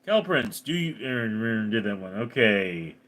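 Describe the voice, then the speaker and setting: Guy doing a home livestream, reads chat names, talks slow with lots of ups and downs. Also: lowish voice. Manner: reads commenter names then answers, animated.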